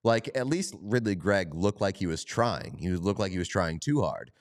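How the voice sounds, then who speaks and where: Low-voiced man co-hosting a sports chat. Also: big pitch swings, normal speed, dry recording, studio quality. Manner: loose, joking, swears casually. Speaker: podcast co-host.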